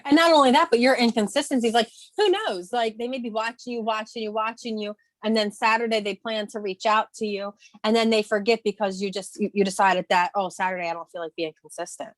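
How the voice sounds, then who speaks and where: A woman's voice: a little high, fairly even intonation, a little fast, few pauses, dry recording. A woman in her thirties co-hosting a morning video call, speaking candidly and emotionally with emphatic bursts and restarts. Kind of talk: casual motivational chat.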